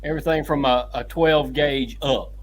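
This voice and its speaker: A man in a casual chat, easygoing and quick to laugh, explaining his work in a halting way. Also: a little high, steady tone, slight background noise. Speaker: guest.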